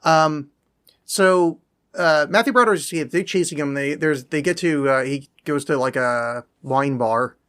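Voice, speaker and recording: A man's voice: fairly high pitch, unhurried, fairly bright tone. A man co-hosting a podcast, talking in a sarcastic, rambling way in casual chat. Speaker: podcast co-host.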